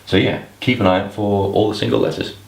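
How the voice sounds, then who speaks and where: A man's voice: lowish voice, steady tone, fast talker, vocal fry, reverberant. A man teaching how to solve crossword clues, thinking aloud with asides and small restarts. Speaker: crossword tutor. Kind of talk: explanatory lesson to camera.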